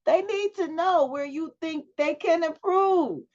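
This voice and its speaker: A woman's voice: extremely high pitch, unhurried, darkish tone. A woman teaching a public speaking class over a video call, prompting students with questions and giving feedback. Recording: dull lo-fi video call audio.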